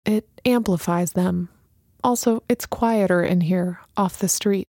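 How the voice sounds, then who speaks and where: A woman voicing a calm, gentle older street woman with a spiritual gift, speaking softly. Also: on the low side, measured pace, no room sound, studio quality. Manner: calm, soft-spoken.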